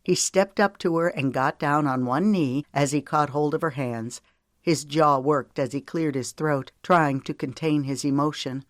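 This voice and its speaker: An audiobook narrator reading a romance novel in an even, gentle storytelling manner. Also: medium pitch, measured pace, no echo, studio quality. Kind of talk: scripted narration.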